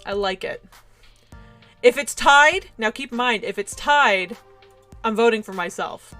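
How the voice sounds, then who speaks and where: Young woman streamer, giggly, chatty, self-mocking, somewhat high voice, faint music behind. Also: a little slow, sharp tone. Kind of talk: casual livestream chat while playing a game.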